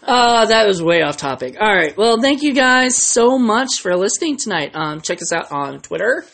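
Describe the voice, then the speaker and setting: A man's voice: high voice, very animated, moderate pace, vocal fry, fairly bright tone. A man hosting a podcast, chatting casually and telling a story in a rambling way with lots of fillers. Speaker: podcast host. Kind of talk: casual chat.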